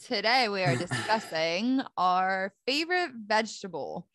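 A woman's voice: medium pitch, big pitch swings, a little slow, a bit bright, no room sound, clean studio sound. A young woman co-hosting a casual podcast, bubbly and jokey, easily amused by her own lines. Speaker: podcast co-host. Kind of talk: casual chat.

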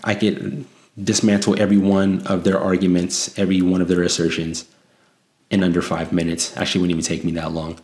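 A man's voice: low-pitched, little pitch movement, a little fast, a little mellow, echoey room. A man from California hosting an opinionated commentary monologue, combative and sarcastic, with frequent restarts. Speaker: commentary show host.

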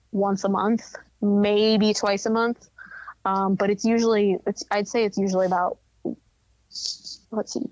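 A woman's voice: mid-range voice, no echo, muffled recording. A woman as a podcast guest, talking frankly and openly with many fillers. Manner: frank and chatty, many "like" and "you know" fillers. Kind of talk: candid podcast interview.

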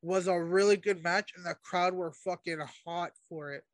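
High-voiced young man hyping wrestling, dry sound. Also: steady tone, no room sound. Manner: enthusiastic, profane, quick agreement. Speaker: podcast co-host. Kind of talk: casual wrestling recap chat.

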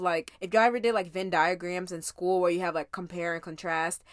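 A woman's voice: lowish voice, dry recording, clean studio sound. A woman casually recapping a week's Bible reading as a teacher, talking in a conversational, emphatic way and speaking straight to her listeners.

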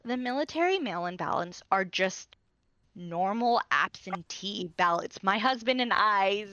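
A woman's voice: medium pitch, lively intonation, a little slow, bright, forceful tone, no echo, dull audio. A woman from California chatting casually as a podcast co-host, blunt and sarcastic, swearing freely. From California, USA. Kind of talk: casual chat.

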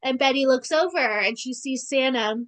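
A woman co-hosting a casual podcast, recapping a TV episode with sarcastic asides and quick acted-out lines of dialogue. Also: high voice. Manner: animated, sarcastic, acts out character lines. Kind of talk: casual chat.

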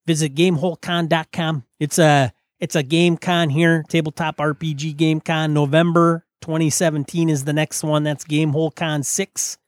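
A man's voice: a little high, flat delivery, moderate pace, few pauses, no room sound, clean studio sound. A man with a Wisconsin accent co-hosting a tabletop gaming podcast, joking wryly and reading the sponsor spot. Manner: jokey, wry. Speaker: podcast co-host. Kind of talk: casual podcast chat.

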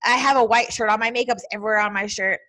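A woman's voice: fairly high pitch, steady tone, quick pace, a bit bright. A woman hosting a podcast, telling a personal story in a heartfelt, emotional way and saying "like" constantly. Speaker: podcast host.

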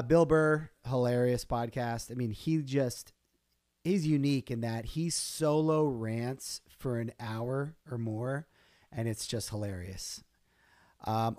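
A man talks through a solo live stream in a loose, rambling way, stopping and restarting his thoughts. His voice sits at an ordinary middle pitch. The sound is close and dry. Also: a little mellow, no echo. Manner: rambling, chatty, self-interrupting with fillers. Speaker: podcast host.

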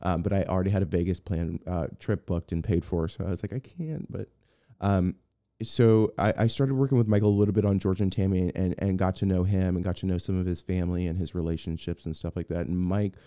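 A man's voice: deep voice, fairly even intonation, quick pace, warm tone, smooth, no room sound, studio quality. A man telling a long story in a casual interview, rambling with restarts and acting out what others said. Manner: rambling, many restarts, acts out quoted voices. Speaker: guest, film personal assistant.

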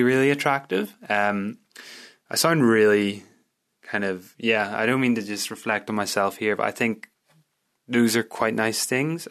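Chatty Northern Irish man, deep and smooth. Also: a bit bright. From Northern Ireland. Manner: rambling, chatty and self-mocking. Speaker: podcast host. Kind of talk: casual solo podcast chat.

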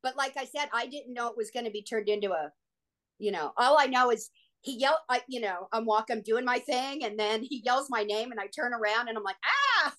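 A woman, an actress and guest on an interview show, telling stories in an excitable, gushing way. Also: fairly high pitch, fairly quick. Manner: excitable, gushing, frequent "like" and "oh my God". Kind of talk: casual interview storytelling.

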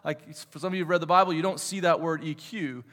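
A man's voice: a little high, steady tone, fast talker, a bit bright. A man in his thirties teaching a casual sermon in church, chatty and joking, with many fillers and questions to the audience. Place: church sanctuary. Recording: long hall reverb.

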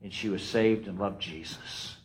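A man preaching a sermon, emphatic and repetitive, swinging between loud rises and quiet drops. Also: lowish voice, fairly even intonation, normal speed, rough recording. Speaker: pastor.

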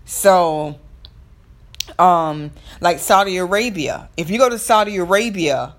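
A young woman with a Southern American accent hosts her own podcast in a relaxed, chatty way. Her voice sits a little low for a woman. She rambles, doubles back and fills the pauses with "um" and "like.". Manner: chatty, rambling, frequent fillers and restarts. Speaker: podcast host. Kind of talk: casual solo podcast talk.

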